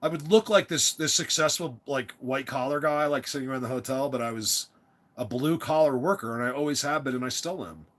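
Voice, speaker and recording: A man's voice: medium pitch, brisk, a bit bright. A father telling a personal story in a rambling, casual monologue, emphatic, often repeating words and restarting.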